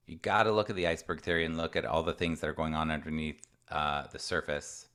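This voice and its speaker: A man with a low voice talks parents through a coaching presentation. He speaks in an earnest, conversational way. Now and then he slips into short voices of a parent or a child. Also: fairly bright tone. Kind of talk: online presentation with Q&A. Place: home room with a door.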